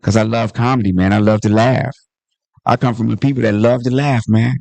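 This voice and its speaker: Gravelly-voiced man telling animated stories. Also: mid-range voice, brisk, no echo. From Washington, D.C. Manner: animated storyteller, acts out voices in anecdotes. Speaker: comedian and author at book talk. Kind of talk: storytelling in conversation.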